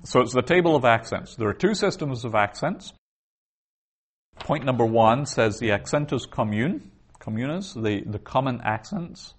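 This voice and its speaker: A man teaching a class, explaining step by step in a patient way, with frequent pauses and restarts. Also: mid-range voice, expressive. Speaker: Hebrew teacher. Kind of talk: classroom lecture.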